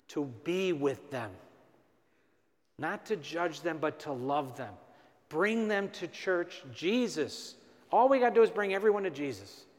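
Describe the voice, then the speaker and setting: A priest preaches a parish mission, his voice sitting on the higher side. He tells his stories with animation and acts out both sides of each conversation. A long church reverb trails after every phrase. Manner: animated, acts out dialogue with rising emphasis. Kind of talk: storytelling sermon. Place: large church.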